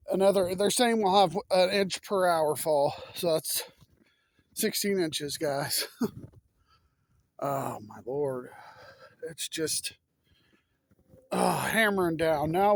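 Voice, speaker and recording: A man vlogging outdoors in deep snow on a phone camera, cold and out of breath, talking to his viewers as folks in a folksy way. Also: darkish tone. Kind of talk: casual outdoor vlog.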